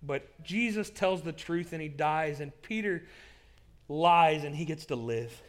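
A man's voice: fairly high pitch, lively intonation, measured pace. A male pastor preaching a sermon from a stage, telling the story in an earnest, dramatic way. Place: stage with pulpit.

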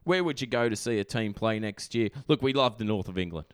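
A man's voice: lowish voice, expressive, brisk, clear, resonant tone, dry recording, clean studio sound. A man co-hosting a casual sports podcast, teasing his co-host and laughing often.

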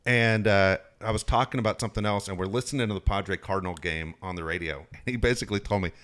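A man's voice: on the low side, fast. A middle-aged man telling stories in a casual, profane chat, acting out what people said. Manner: profane, animated, acts out quotes. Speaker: sports reporter guest.

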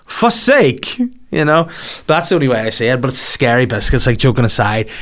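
A man's voice: medium pitch, fast, a bit bright. Swearing comic man. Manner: swears freely, breaks into voices. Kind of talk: casual comic monologue.

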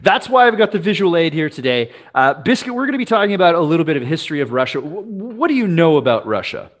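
A man's voice: on the high side, very animated, quick pace. A man hosting a casual podcast over a video call, rambling with fillers and restarts. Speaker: podcast host.

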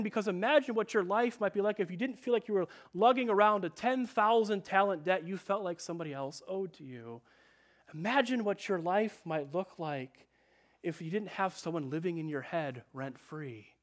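A male pastor giving a sermon, earnest, slowing down and dropping to a hush on key phrases. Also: high voice, expressive.

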